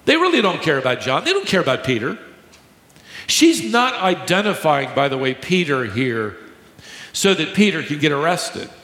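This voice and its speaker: A man preaching a sermon to a congregation, teaching emphatically, slowing down to stress key words and joking with the crowd. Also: fairly high pitch, very animated, fairly bright tone. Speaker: pastor. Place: large church hall with a live congregation. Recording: echoey hall, long reverb.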